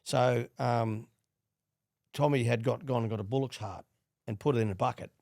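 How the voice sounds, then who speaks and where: A middle-aged Australian man, a former player and coach, telling animated stories in a casual interview. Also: medium pitch, normal speed, gravelly, no echo, studio quality. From Queensland, Australia. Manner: animated storyteller with restarts and laughs. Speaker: guest, former rugby league player and coach.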